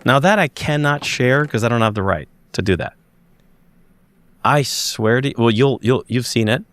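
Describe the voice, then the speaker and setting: Male podcast guest, animated storyteller who voices the other people in his story, dry close sound. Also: mid-range voice, dry recording. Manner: animated, acts out dialogue, frequent restarts. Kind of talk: conversational storytelling.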